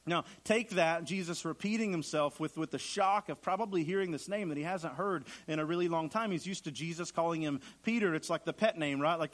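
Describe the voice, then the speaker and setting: A man's voice: high-pitched, moderate pace. A man preaching a sermon in an earnest way, repeating phrases for emphasis and acting out the lines he quotes. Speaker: pastor.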